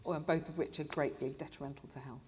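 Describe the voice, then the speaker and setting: A woman's voice: sits low, fairly even intonation, quick pace, darkish tone, a little hiss or hum. A woman interviewing a guest on stage, asking dry, teasing questions. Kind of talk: live conference conversation on stage.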